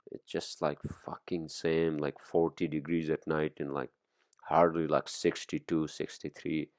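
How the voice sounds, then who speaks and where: A man's voice: rumbling low, flat delivery, measured pace, a little mellow, dry recording, studio quality. A man hosting a podcast, talking in a rambling, profane, casual monologue full of fillers. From immigrant to the US. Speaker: podcast host.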